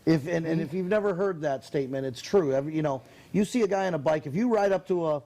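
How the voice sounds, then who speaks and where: A man hosting a casual talk show with a high, gravelly voice. He talks quickly and keeps the chat lively and conversational. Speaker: host.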